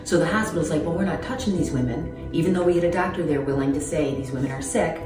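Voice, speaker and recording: A woman in her fifties giving an emotional personal testimony in an interview, halting and earnest, close to tears. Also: low-pitched. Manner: earnest, halting, many ums. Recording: roomy distant mic with music.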